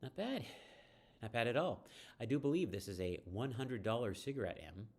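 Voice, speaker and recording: A man's voice: mid-range voice, sing-song, normal speed, vocal fry, voice pushed up. A man voicing a worldly, mysterious woman in a text game who speaks teasingly.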